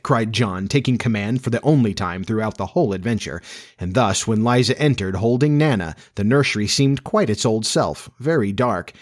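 A man reading a classic children's story aloud as narrator, measured and expressive. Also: lowish voice.

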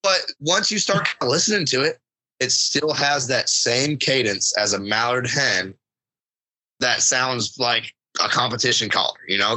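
A man talks in a loose, rambling way on a hunting podcast, acting out little quotes as he goes. His voice is very bright and forceful, at an ordinary middle pitch. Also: rough recording. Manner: rambling, animated, acts out quotes. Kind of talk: casual chat about duck calling.

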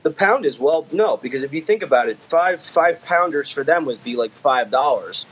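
A man hosting a podcast in casual, animated, rambling chat, swearing freely. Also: on the high side, normal speed, husky, low-quality recording. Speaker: podcast host.

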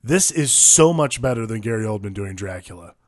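A man co-hosting a podcast, chatting casually about movies, animated and profane, exaggerating for laughs. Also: on the low side, fairly quick, no echo, studio quality. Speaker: podcast co-host.

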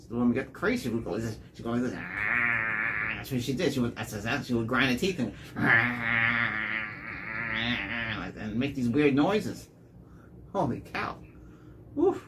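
A man rambling through his own dating stories in a casual monologue, repeating words and getting animated when he quotes people. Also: mid-range voice, brisk, a little hiss or hum. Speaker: dating vlogger.

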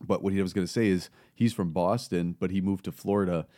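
A man's voice: low voice, fairly even intonation, fast talker, warm tone, dry recording, clean studio sound. A man co-hosting a podcast, laid-back and explaining things for listeners in casual chat. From Canada. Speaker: podcast co-host.

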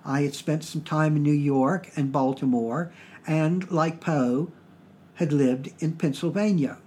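A man from Virginia with a Southern US accent, hosting a podcast and explaining things in plain, measured talk. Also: a little high, darkish tone, slight background noise. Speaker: podcast host.

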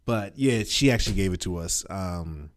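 A man in his thirties, a father, telling stories in a relaxed casual chat. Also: low-pitched, moderate pace. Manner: laid-back storytelling with mimicked quotes.

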